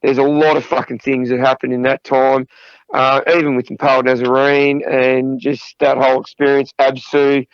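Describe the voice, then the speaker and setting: A man's voice: mid-range voice, level tone, moderate pace, smooth, no room sound, dull audio. A middle-aged man, a podcast guest telling profane road anecdotes between bursts of laughter. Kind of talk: casual storytelling interview.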